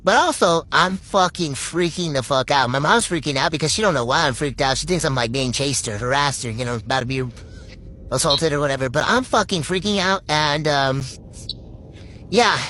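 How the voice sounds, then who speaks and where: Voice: mid-range voice, normal speed, pushed and bright. A young adult from Puerto Rico telling a story to camera in a rambling, swearing, filler-heavy way. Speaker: TikTok storyteller. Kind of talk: casual storytime monologue.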